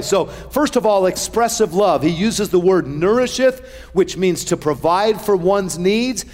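A middle-aged male pastor preaching a sermon, with animated swings in pitch and loudness. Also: a little slow. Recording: long hall reverb.

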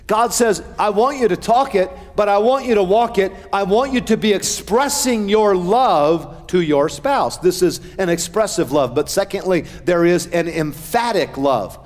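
A middle-aged male pastor preaching a sermon, with animated swings in pitch and loudness. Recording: long hall reverb.

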